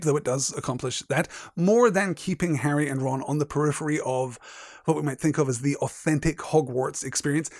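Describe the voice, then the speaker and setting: Male podcast host with a fairly high, dry voice. Thoughtful, emphatic literary commentary. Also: dry recording. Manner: reflective, emphatic, analytical. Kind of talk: literary analysis talk.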